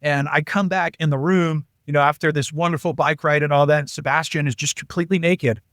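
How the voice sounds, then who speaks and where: A fairly high-pitched man chatting as a podcast guest, telling loose, lively anecdotes and slipping into quoted voices. The sound is dry and close, with no room around it. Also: fairly quick, no room sound. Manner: animated, jumps into quoted voices. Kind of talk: casual anecdotal storytelling.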